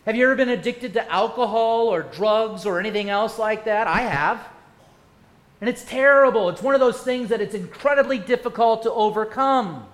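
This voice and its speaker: Male pastor, pitched high, preaching a sermon in a reverberant sanctuary; dynamic, questioning delivery. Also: normal speed. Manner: asks many rhetorical questions, swings from loud to hushed. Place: church sanctuary. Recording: echoey church room.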